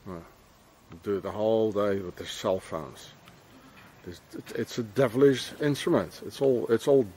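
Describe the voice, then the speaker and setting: A man's voice: on the low side, darkish tone, slight background noise. A man ranting outdoors, scolding and repeating himself, peppering his talk with filler phrases. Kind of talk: angry street rant to camera.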